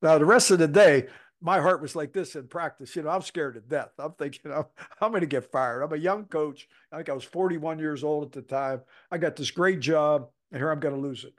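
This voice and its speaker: A man's voice: fairly high pitch, fairly quick. A man in his seventies, a football coach, telling a story on a podcast, acting out the quoted voices with salty language. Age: 70s.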